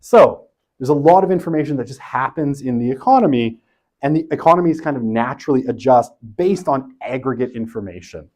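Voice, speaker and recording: A man lectures a university class in an easygoing, conversational manner. His voice sits in a middle pitch, and he keeps tagging his points with quick checks to his listeners. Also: expressive, a little mellow. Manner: conversational, tags points with "right?".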